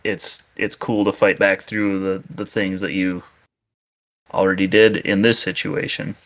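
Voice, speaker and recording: A man with a low voice chats on a gaming podcast, hesitating and searching for his words. His sound is dull and lo-fi, as if from a cheaper mic. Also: flat delivery, measured pace, fairly bright tone. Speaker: podcast co-host. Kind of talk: casual gaming podcast chat.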